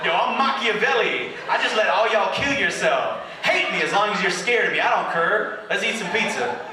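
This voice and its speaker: Man doing a cocky scheming guy, slangy swagger, bright high voice, echoey far-off room. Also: expressive, normal speed, a little hiss or hum. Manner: street-slang swagger, laughing. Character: swaggering male schemer, boastful and cold. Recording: echoey venue, mic far off.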